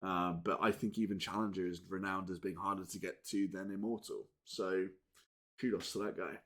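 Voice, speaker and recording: A man's voice: deep voice, steady tone, moderate pace. Rambling casual male gaming vlogger. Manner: rambling, with frequent restarts and casual swearing; talks straight to viewers, swinging between loud and muttered. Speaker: gaming channel host. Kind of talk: casual unscripted chat to camera.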